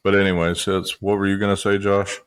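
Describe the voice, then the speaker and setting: A man hosting a podcast in casual chat, unhurried and hedging with ums. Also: low voice, level tone, clean tone. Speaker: podcast host.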